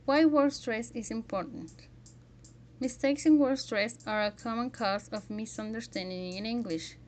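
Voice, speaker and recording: A woman's voice: fairly high pitch, a little slow, a little mellow, slight background noise. A woman teaching a pronunciation lesson, carefully modelling example words one by one.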